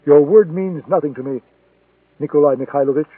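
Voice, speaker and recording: A man's voice: a little high, brisk, breathy edge, no room sound. A man voicing a defiant male intelligence agent who speaks in a cold, accusing way. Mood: coldly accusing. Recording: tinny phone-like sound, dry.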